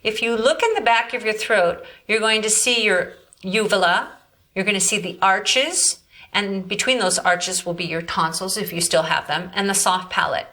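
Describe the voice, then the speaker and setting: A woman teaching a vocal lesson in a clear, bright voice, explaining step by step and coaxing her student to repeat each sound back. Her pitch sits in the middle for a woman. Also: normal speed. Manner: directive, demonstrates growls and coaxes the student. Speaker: vocal coach. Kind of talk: instructional demonstration.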